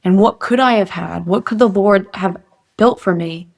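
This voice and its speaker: A woman's voice: medium pitch, normal speed, gravelly, darkish tone. Earnest, motivational young woman guest. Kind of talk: casual interview.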